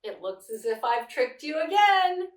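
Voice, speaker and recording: A woman's voice: high-pitched, very animated, unhurried, roomy sound, recorded from a distance, pitched above the performer's own voice. A woman doing a sing-song teasing storybook rabbit. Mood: gloating.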